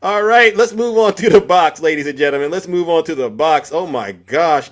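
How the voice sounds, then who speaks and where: A man with a fairly high voice hosts a live stream in a loose, talky way. He exclaims, mocks and reacts loudly to what he hears, then carries on chatting to his viewers. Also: normal speed, few pauses. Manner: animated, exclaiming, mocking. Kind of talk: casual live stream commentary.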